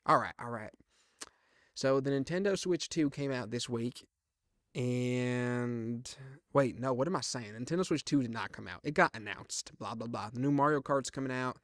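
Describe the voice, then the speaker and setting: A man's voice: medium pitch, normal speed, no room sound, clean studio sound. A young man in his twenties hosting a comedic podcast solo, rambling and joking in a self-mocking way with lots of asides. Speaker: podcast host.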